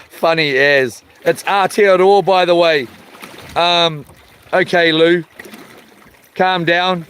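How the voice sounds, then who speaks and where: A man's voice: fairly high pitch, fairly even intonation, very slow, pauses often, fairly bright tone, slight background noise, poor audio. A man with a New Zealand accent hosting a casual live stream, reading chat comments in a laid-back way with lots of ums and chuckles.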